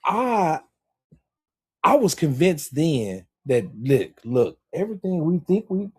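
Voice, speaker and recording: A man's voice: on the high side, sing-song, slow pace, breathy edge. A man in a casual livestream chat who talks insistently and keeps repeating "listen" to hold the floor. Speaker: livestream participant.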